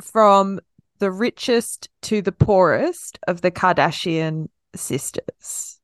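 A woman's voice: on the low side, slow, no room sound, studio quality. A woman co-hosting a podcast, chatting and telling stories with laughter. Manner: chatty, laughing, animated storyteller. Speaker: podcast co-host. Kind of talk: casual chat.

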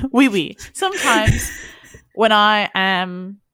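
A woman's voice: mid-range voice, very slow, pushed and bright, smooth, dry recording. A woman co-hosting a podcast, bubbly and jokey, laughing a lot. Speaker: podcast co-host. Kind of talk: casual podcast chat.

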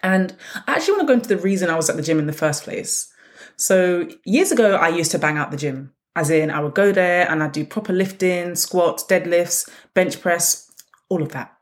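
A woman hosting her own podcast, telling stories in a blunt, sarcastic, animated way. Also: on the low side, fairly quick. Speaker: podcast host. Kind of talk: casual solo podcast monologue.

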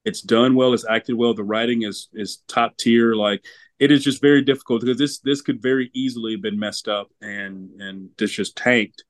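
Casual co-host reviewing a film, mid-pitch guy, rambles and repeats himself, dry close sound. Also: normal speed, no room sound. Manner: rambling, repeats words, laughs while talking. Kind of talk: casual movie review chat.

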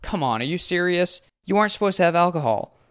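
A man's voice: medium pitch, expressive, fast talker, clean tone, voice pushed up, lightly acted. A man voicing a chirpy, upbeat adult male prison camp warden in a spoken story. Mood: whiny. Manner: chirpy camp-counselor pep, whiny when crossed.

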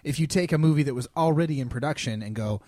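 A man's voice: a little high, quick pace, a little mellow, dry recording. A man co-hosting a casual podcast about movies, thinking aloud and often stopping to restart his sentences. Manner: thoughtful, rambling, stops and restarts. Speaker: podcast co-host.

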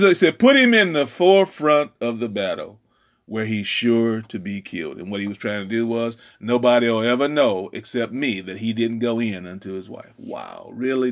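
A man's voice: lowish voice, fairly bright tone. A man preaching, retelling a story and acting out the dialogue in character voices. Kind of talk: sermon storytelling.

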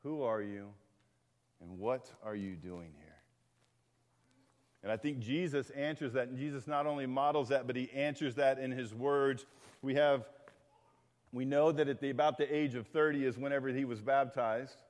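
A man's voice: medium pitch, fairly even intonation, moderate pace. A man preaching a sermon as a pastor, talking conversationally with frequent restarts and asides, recorded in a church sanctuary. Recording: long reverb of a large hall.

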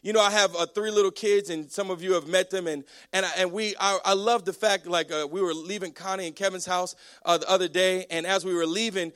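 A male pastor preaching with high pitch and lively, storytelling energy. He restarts his phrases often as he builds a point. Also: brisk, few pauses. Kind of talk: sermon.

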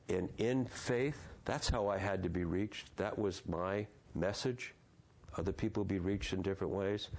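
A man in his sixties telling a personal story as an interview guest, halting often and repeating words as he restarts. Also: low-pitched, gravelly, darkish tone. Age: 60s.

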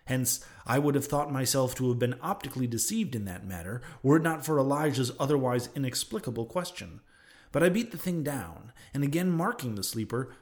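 A man narrating a classic novel as an audiobook, in a measured reading style that drops low on speech tags.

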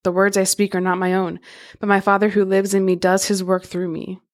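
A woman hosting a Bible podcast, chatting casually and then reading scripture aloud in a steady, even voice. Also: mid-range voice, fairly quick. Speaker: podcast host.

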